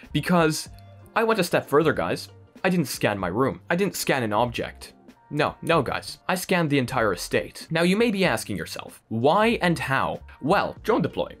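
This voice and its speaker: Enthusiastic man with an Irish accent. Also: mid-range voice. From Poland. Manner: enthusiastic, playful, addresses viewers as guys. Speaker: tech channel host. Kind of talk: casual tech vlog.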